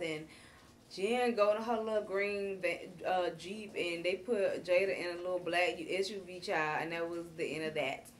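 A woman hosting a casual chat show, recapping a reality series in a chatty, animated way with slangy asides. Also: on the low side, normal speed, slight background noise. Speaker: host.

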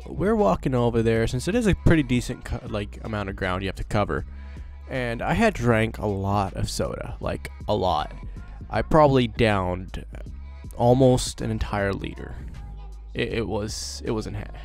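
A man's voice: mid-range voice, a little mellow. A teenage boy telling a story casually to camera as a vlogger, rambling and swearing with lots of fillers.

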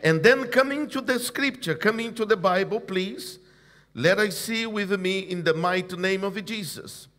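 A man's voice: high voice, normal speed, fairly bright tone. A male pastor preaching a sermon, leading his congregation in call-and-response and hammering points with emphatic repetition. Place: church service.

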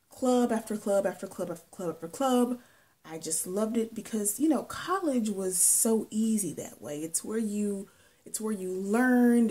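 A woman vlogger in casual storytelling mode, loose and chatty. Her voice is husky and a little breathy, pitched mid-range. She talks with plenty of fillers and restarts. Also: mellow.

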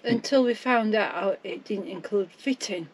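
A woman's voice: mid-range voice, unhurried, slight background noise, rough recording. A woman, chipping in casually with short agreements and corrections. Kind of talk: casual chat.

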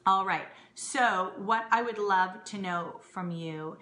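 A woman hosting a casual live stream from home, chatting warmly with viewers and thanking them. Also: medium pitch, takes it slowly. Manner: chatty, warm thanks to viewers, excited greetings. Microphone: phone or webcam live stream. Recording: roomy home audio with faint ambience.

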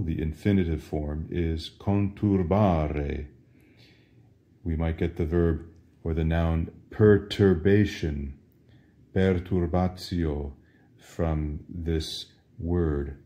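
A man's voice: low voice, warm tone. A man teaching Latin altar server responses in a patient question-and-answer drill, asking how to say each phrase and then answering it. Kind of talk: slow drill-style language lesson.

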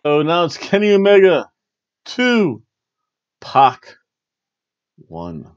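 A man hosting a wrestling review podcast, recapping a show in casual chat and slipping into quick mimicry of wrestlers. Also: on the high side, clean tone, dry recording, dull audio. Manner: animated, mimics wrestlers and announcers in quick asides.

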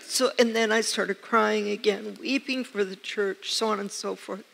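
A woman preacher telling a personal story to her congregation in an earnest way, with soft laughs along the way. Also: mid-range voice, steady tone, measured pace, creaky, few pauses. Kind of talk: sermon. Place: church hall. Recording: church hall reverb.

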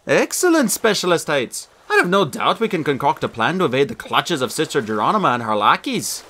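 A man voicing a calm, precocious boy genius who speaks in a polished, formal, precise way. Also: on the high side, a little fast, heavily acted. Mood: composed.

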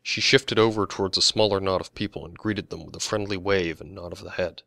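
A man narrating his own mystery novel as an audiobook, in a steady, plain storytelling manner. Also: low voice, fairly quick, dry recording.

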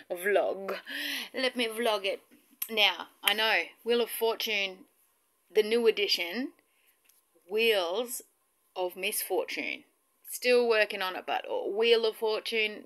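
A woman's voice: medium pitch, pushed and bright. A woman vlogging in a casual, chatty way, fighting back emotion at times and dropping to a whisper now and then. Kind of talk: casual vlog chat.

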